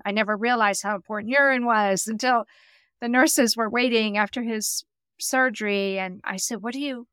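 A woman's voice: fairly high pitch, fairly bright tone, clear, resonant tone, no room sound. A middle-aged woman telling an emotional personal story in an interview, earnest and quoting the people she speaks of. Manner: earnest, emotional, quotes others in dialogue. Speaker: guest.

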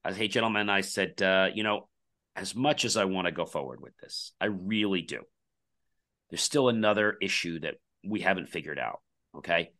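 A company founder with a deep voice, speaking at an ordinary pace, tells a long anecdote as a guest on a podcast. He is an animated storyteller who acts out the dialogue of the people in the story as the conversation unfolds.

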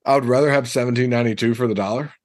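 A man's voice: mid-range voice, steady tone, rapid-fire. A man co-hosting a podcast, chatting casually and joking with frequent restarts. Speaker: podcast co-host. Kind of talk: casual chat.

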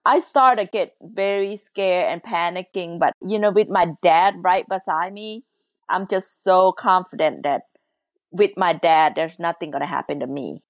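A woman's voice: lowish voice, measured pace, dry recording, studio quality. Woman telling her story. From Laos. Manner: earnest, emotional, non-native English grammar. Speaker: guest. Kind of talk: personal storytelling in an interview.

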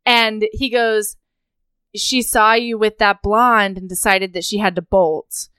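A woman co-hosting a casual podcast, retelling a novel's plot with animated, frequent laughter and acted-out character lines. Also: medium pitch, slow, clear, resonant tone, dry recording, clean studio sound. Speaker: podcast co-host. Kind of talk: casual chat recapping a novel.

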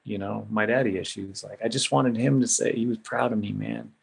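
A man's voice: lowish voice, fairly even intonation, fairly quick, creaky, slightly rough. A middle-aged man telling an emotional personal story in a casual, heartfelt way as a podcast guest. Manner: casual, emotional, says "man" and "bro" a lot.

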